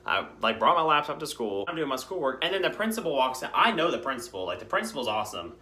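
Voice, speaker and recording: A young man, telling high school stories in a rambling, casual vlog. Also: quick pace. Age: young adult. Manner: rambling, filler-heavy, animated storytelling. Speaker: vlogger.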